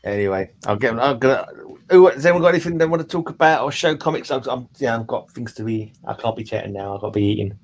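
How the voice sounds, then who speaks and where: A relaxed British man hosts a casual video chat among comic fans. He talks in an easygoing, chatty way and laughs often. His voice sits at a middle pitch. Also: fast, hardly any pauses. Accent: British English. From United Kingdom. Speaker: stream host.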